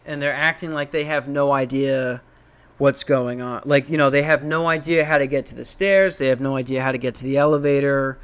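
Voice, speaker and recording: A man's voice: brisk, clean tone. Self-mocking man telling a story. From Minnesota. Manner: animated, self-mocking, swears, jumps into high voices when quoting. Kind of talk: casual storytelling rant.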